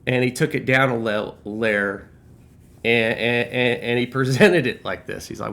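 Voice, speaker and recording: A man's voice: mid-range voice, fairly even intonation, unhurried, vocal fry, fairly bright tone. A middle-aged man telling a long workplace story in a casual, rambling, profane way, with lots of restarts. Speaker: former restaurant shift manager telling a story.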